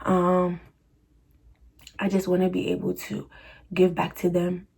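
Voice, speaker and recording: A woman's voice: fairly low pitch, completely flat delivery, a little slow, vocal fry, darkish tone, breathy edge. A young woman vlogger answering viewer questions in a chatty, slangy, laughing style. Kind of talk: casual Q&A chat.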